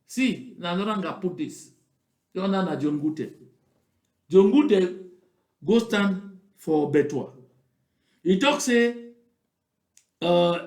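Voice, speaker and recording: A man's voice: high voice, a little mellow. A man with a Cameroonian Pidgin English accent giving emphatic political commentary, repeating points and firing rhetorical questions. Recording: roomy echo.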